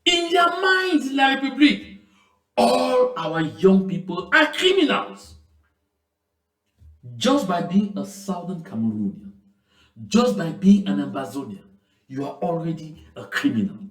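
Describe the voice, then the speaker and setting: A man's voice: sits high, big pitch swings, a little slow, fairly bright tone, echoey room, rough recording. A man giving impassioned commentary, speaking emphatically and breaking into indignant questions. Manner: emphatic, rising to indignant outbursts.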